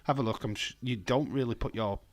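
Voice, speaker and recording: A man with a hoarse voice, hosting a casual live stream from home and talking in a blunt, rambling way. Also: mid-range voice, a little fast. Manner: blunt, rambling, profane, reads chat aloud.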